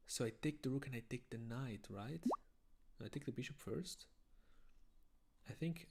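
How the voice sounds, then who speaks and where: A tired young man from Italian-speaking Switzerland, a native Italian speaker, chatting casually and quietly on a chess live stream. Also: mid-range voice, vocal fry, background noise. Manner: talks quietly so as not to wake someone.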